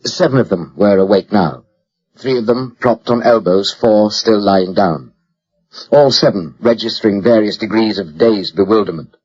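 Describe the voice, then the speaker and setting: Low, husky male audiobook narrator. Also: moderate pace, a little mellow, muffled recording.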